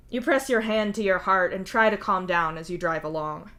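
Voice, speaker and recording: A woman reading fan fiction aloud in a steady, wry second-person narration. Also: fairly low pitch, moderate pace, hardly any pauses. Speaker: fanfic reader.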